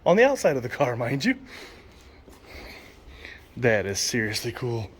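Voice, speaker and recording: A man's voice: mid-range voice, wildly swooping pitch, unhurried, a little hiss or hum. A man casually narrating a walk through a car museum, enthusiastically reading exhibit signs aloud and sometimes stumbling over names. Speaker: vlogger touring a car museum. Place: indoor car museum hall.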